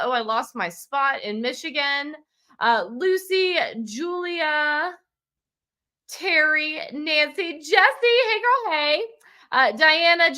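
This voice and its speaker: A woman's voice: high-pitched, pushed and bright. A chatty woman, hosting a live quilting class and greeting viewers by name. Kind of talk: live-stream chat with viewers.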